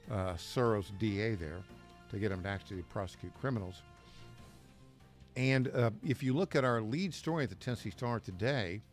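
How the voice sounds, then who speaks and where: A man hosting a talk radio show from a studio, running through a news rundown with sarcastic asides. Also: medium pitch.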